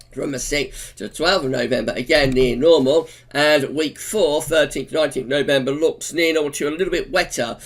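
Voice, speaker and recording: Bright-voiced chatty male weather forecaster. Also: medium pitch. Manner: chatty and unscripted, frequent "uh" fillers and self-corrections. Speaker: weather forecaster, channel host. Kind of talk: informal long-range weather forecast commentary over charts.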